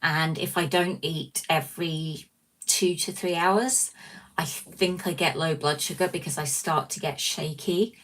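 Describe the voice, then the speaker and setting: Rambling on at an even, measured pace, a livestream host reads out comments from her viewers and teases herself along the way. Her voice sits on the low side for a woman, picked up a little far from the mic in a small room.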